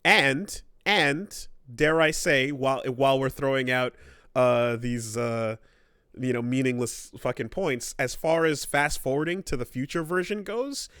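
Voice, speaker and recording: This is a man co-hosting a casual gaming podcast, rambling and swearing as he acts out characters' lines. His voice is smooth and resonant. The sound is dry and close. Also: medium pitch, a little slow, a bit bright, no echo. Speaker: podcast co-host.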